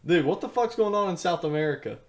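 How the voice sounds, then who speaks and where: A man's voice: high voice, expressive, fast. A young man co-hosting a podcast, laid-back and casual, with offhand swearing. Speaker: podcast co-host. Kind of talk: casual chat.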